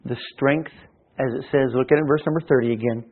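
A man's voice: mid-range voice, fairly even intonation, fast talker. Tinny-sounding preacher man. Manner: preaching with sudden swells in volume and many restarts. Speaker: pastor. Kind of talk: sermon.

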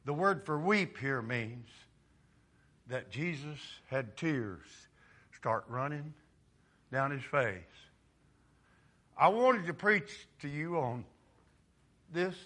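Male preacher, bright forceful tone, dramatic swings between hush and shouting. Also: mid-range voice, expressive, slow, long pauses. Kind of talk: sermon.

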